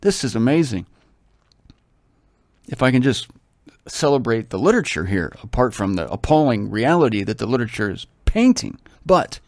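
An older man from Ohio reads scripture slowly and keeps stopping to marvel at it. His commentary is enthusiastic and full of rambling stories. The sound is close and dry, with a mid-range pitch. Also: lively intonation, no room sound. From Ohio, USA. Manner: enthusiastic, storytelling, exclaims often. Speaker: Bible reader and commentator. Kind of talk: scripture reading with digressive commentary.

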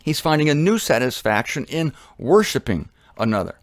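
Man, sermon, animated, conversational, slightly high voice. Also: normal speed, dry recording, clean studio sound. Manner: animated, conversational, acts out quotes.

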